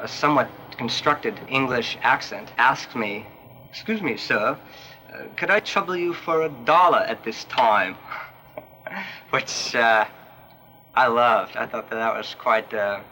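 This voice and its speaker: Bright-voiced man recalling, hesitant. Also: on the low side, poor audio. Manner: hesitant, many fillers, measured and wry. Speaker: interviewee. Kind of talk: documentary interview recollection.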